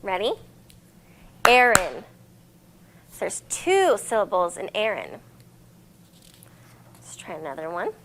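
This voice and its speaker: A woman's voice: mid-range voice, huge pitch swings, a little slow, long pauses. A young woman librarian leading a cheerful, encouraging children's lesson on poetry and syllables.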